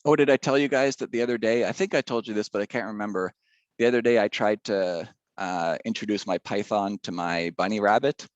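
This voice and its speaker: A man's voice: lowish voice, a little fast, no echo, highs cut off. A male teacher giving a casual math lesson, chatty and rambling, drifting into side stories.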